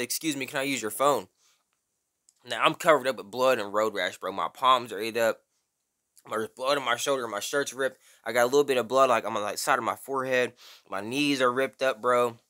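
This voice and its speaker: Young man, bright forceful voice, slangy casual storytelling, animated. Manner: slangy, animated, says "bro" often; acts out quotes in high strained voice. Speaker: vlogger.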